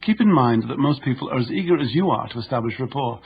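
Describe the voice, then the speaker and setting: Guy narrating a self-help audiobook, calm and measured, bit muffled with faint hiss. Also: medium pitch. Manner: measured, instructive reading. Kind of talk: scripted nonfiction narration.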